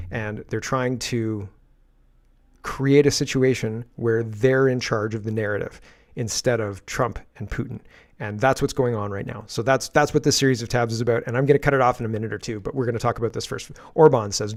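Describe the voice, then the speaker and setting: A man hosting a daily political commentary livestream, reading posts aloud with sarcastic asides and frequent laughs. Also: mid-range voice.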